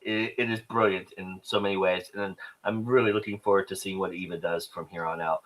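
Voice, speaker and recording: A man's voice: low-pitched, fairly even intonation, fairly quick, fairly bright tone, poor audio. A man co-hosting a podcast, playful and laughing easily, stumbling over his words as he talks films. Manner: playful, laughs often, stammers. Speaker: podcast co-host. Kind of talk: casual film review chat.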